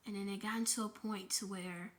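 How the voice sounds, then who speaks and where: A woman's voice: mid-range voice, fairly even intonation, moderate pace. A woman vlogger telling an emotional personal story, shaken and grieving, in a breathless retelling with frequent swearing.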